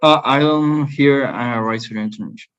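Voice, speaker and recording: A man's voice: medium pitch, normal speed, a bit bright, smooth, dull audio. A man who speaks Spanish as his first language, studying English, answering hesitantly and thinking aloud. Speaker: student.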